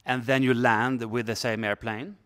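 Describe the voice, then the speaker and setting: Man, comic interview host, deadpan, playful, absurd questions, mid pitch. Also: moderate pace, smooth. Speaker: comic celebrity reporter host. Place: indoors on a sofa.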